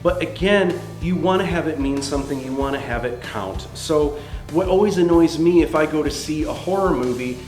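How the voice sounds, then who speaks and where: A man teaching screenwriting in a lively, conversational way. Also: on the high side, normal speed, soft background music. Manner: animated, conversational. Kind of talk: instructional talk. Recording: roomy echo.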